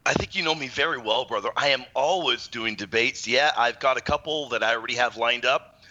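Bright-voiced man, lo-fi remote line. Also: medium pitch, a little fast. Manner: confident, explanatory, energetic. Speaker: guest apologist. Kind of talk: explaining and debating.

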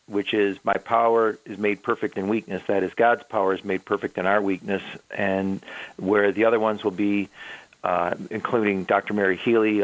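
Guy in his 70s on a radio show, lowish voice, wanders off on tangents, dry close sound. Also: dry recording, rough recording. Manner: rambling, digressive. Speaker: radio guest, theologian. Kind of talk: call-in radio conversation.

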